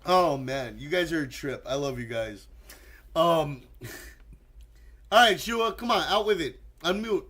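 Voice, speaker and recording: A man's voice: fairly high pitch, animated, slow, pauses often, a bit bright. An American man hosting a casual chat, playful and laughing often, with the occasional swear. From United States. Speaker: streamer host.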